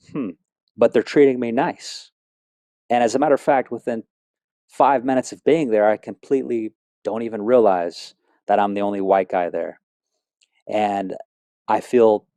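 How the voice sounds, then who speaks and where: Middle-aged guy telling his faith story, kinda low voice, dry close sound, lots of ums and restarts. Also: steady tone, unhurried, long pauses, warm tone, smooth, no echo. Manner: rambling, earnest storytelling with many fillers and restarts. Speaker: speaker sharing a testimony. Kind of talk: personal faith testimony.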